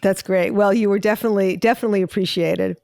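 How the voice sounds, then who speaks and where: A woman hosts an interview and asks her questions in an encouraging, affirming tone, with casual fillers. Her voice sits at a middle pitch, and it is recorded dry and close with no room sound. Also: steady tone, fast talker, gravelly, mellow, dry recording. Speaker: podcast host and public speaking coach. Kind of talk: conversational interview.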